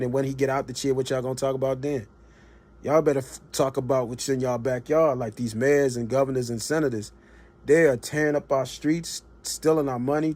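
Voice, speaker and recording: A man's voice: on the high side, darkish tone. A man, streaming a blunt, colloquial political rant that rises to impassioned emphasis. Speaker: livestream commentator. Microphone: streaming mic.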